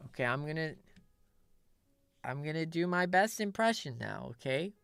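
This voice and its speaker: A woman's voice: deep voice, lively intonation, normal speed, gravelly, clear, resonant tone, no room sound, studio quality. A woman streamer in casual, rambling chat while gaming, laughing at herself often.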